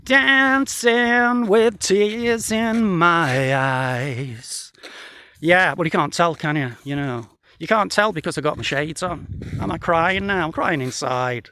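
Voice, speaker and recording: A man's voice: a little high, lively intonation, normal speed, few pauses, sharp tone, no room sound. A man chatting and joking to the camera in a rambling way while standing in a wheatfield, recorded on a phone. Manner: joking, rambling, talks to an unseen companion. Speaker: vlogger. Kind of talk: rambling outdoor vlog chat. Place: outdoors in a wheatfield.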